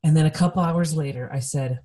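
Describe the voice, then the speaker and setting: A woman co-host with a slightly low voice talks earnestly in relaxed conversation. She stays measured and steady, leaning on key words for emphasis. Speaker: podcast co-host. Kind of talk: conversational discussion.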